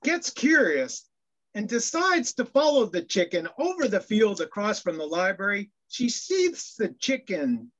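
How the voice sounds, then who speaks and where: A man's voice: high voice, big pitch swings, unhurried, a bit bright. A male minister giving a sermon, telling jokes in a storyteller's way and often restarting his phrases. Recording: dull lo-fi sound.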